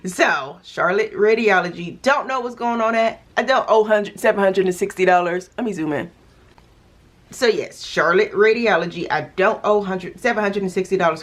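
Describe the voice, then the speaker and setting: A woman's voice: medium pitch, expressive, moderate pace. A young woman vlogger chatting casually, exasperated and full of fillers as she talks through her bills. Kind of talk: casual chat.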